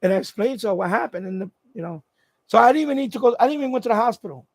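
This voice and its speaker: A man with a high, gravelly voice talks casually on a live stream from his home. He rambles through his story, restarting sentences as he goes. The sound is close and dry, with no room around it. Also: lively intonation, very fast, no room sound. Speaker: radio hobby channel host. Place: at home, indoors.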